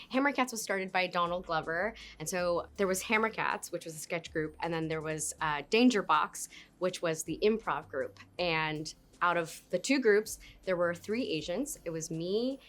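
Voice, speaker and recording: A woman in her thirties, an actress, talking casually and playfully in an interview, with giggles and quick asides. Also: on the low side, fairly bright tone. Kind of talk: casual interview talk to camera. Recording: faint music behind.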